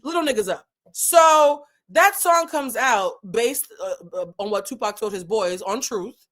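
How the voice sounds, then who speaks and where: A woman with a New England accent hosting a casual live commentary stream, animated and digressive, swearing freely and swinging between loud and soft. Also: medium pitch. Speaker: commentary channel host.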